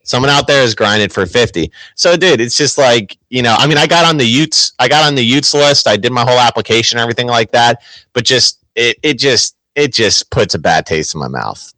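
Bright-voiced rambling man. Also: medium pitch, expressive, a little fast, no echo, low-quality recording. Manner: rambling, heavy on filler words. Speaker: show regular. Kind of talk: casual podcast chat. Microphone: home computer mic.

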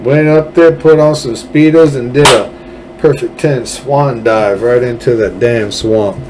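A man's voice: mid-range voice, measured pace, noisy background. A man hosting a political podcast, ranting angrily with sarcasm and profanity. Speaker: podcast host. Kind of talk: political commentary rant.

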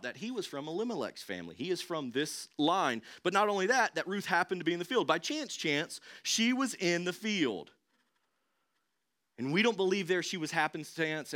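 A man's voice: on the high side, sharp tone. A young adult man preaching a sermon as pastor, emphatic, repeating key phrases and putting questions to the congregation.

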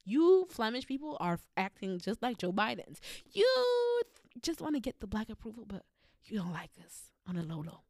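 A woman's voice: medium pitch, sing-song, normal speed, a little mellow, dry recording, studio quality. A woman vlogger telling a personal story in a blunt, heated manner, swearing constantly. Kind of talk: storytelling monologue.

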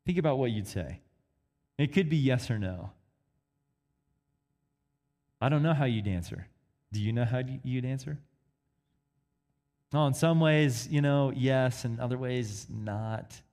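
A man preaching a sermon, swinging between emphatic rises and hushed, quiet drops. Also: medium pitch, a little slow, pauses often.

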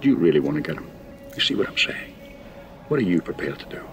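A gruff old film cop. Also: male voice, big pitch swings, fast talker, background noise. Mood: menacing. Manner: low, hushed and menacing. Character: grizzled older Irish beat cop, gruff mentor. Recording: film soundtrack clip with faint ambience.

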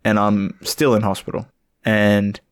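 A man's voice: on the low side, flat delivery, a little slow, smooth. A man co-hosting a podcast, telling a story in casual chat, laughing and swearing freely. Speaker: podcast co-host.

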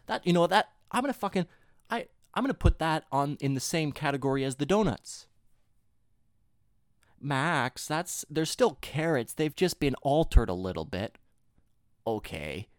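A man's voice: mid-range voice, no echo, clean studio sound. A young man ranting casually to viewers, swearing often, rambling through restarts and laughing at his own jokes. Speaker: solo talker addressing viewers. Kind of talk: casual rant.

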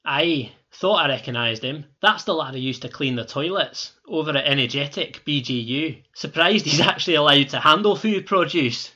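A vengeful Scottish football manager, played by a man, blunt and crude in a comedy sketch. His Scottish voice sits a little high with a bright, tense edge. The recording is slightly muffled. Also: lively intonation, moderate pace, few pauses.

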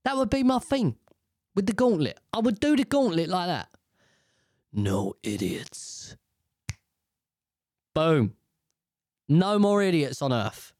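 A British man rants to camera in a loose, swearing, opinionated monologue. His pitch swings widely as he talks, and the sound is dry and close with almost no room around it. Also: lively intonation, normal speed, a little mellow, no room sound. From United Kingdom. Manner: profane, rambling, opinionated. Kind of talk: casual ranting monologue.

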